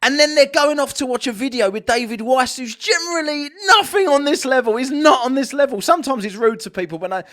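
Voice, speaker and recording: A man's voice: extremely high pitch, expressive, brisk, hardly any pauses, a bit bright. A man reacting to clips, swearing and mocking. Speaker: podcast host. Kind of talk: reaction commentary.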